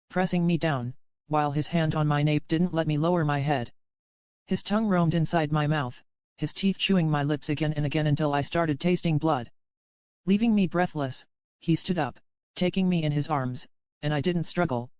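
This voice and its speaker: Smooth-voiced woman narrating an audiobook. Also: sits low, normal speed, no echo. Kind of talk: first-person romance audiobook narration. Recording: dry, slightly dull lo-fi audio.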